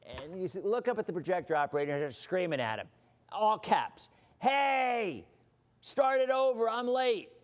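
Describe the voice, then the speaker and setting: A man hosting a weather livestream, chatting casually in a rambling way with mock-indignant asides. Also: on the high side.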